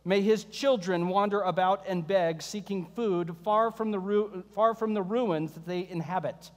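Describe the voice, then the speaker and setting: A man preaching a sermon as pastor, conversational and animated, mixing scripture reading with sarcasm and humor. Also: high-pitched, unhurried, long reverb tail.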